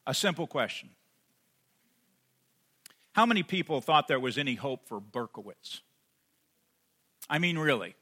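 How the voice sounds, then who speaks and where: A man preaching a sermon as pastor, rising to emphatic peaks and then dropping soft and intimate. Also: fairly high pitch. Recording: long hall reverb.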